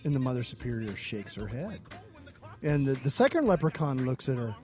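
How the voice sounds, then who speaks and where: A man co-hosting a casual comedy podcast, telling jokes and reading out show plugs, swinging from loud to low. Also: sing-song, moderate pace, faint music behind. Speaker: podcast co-host.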